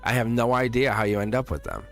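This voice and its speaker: A man's voice: medium pitch, expressive, fast talker, vocal fry, soft background music. A man giving a casual live-stream tarot reading. He talks in a chatty, emphatic, reassuring way and laughs often between phrases.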